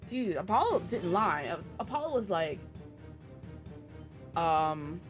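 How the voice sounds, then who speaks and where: A woman's voice: on the low side, animated. Slangy young woman streamer. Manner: slangy, joking, quick reactions. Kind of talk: casual gameplay commentary. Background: game music.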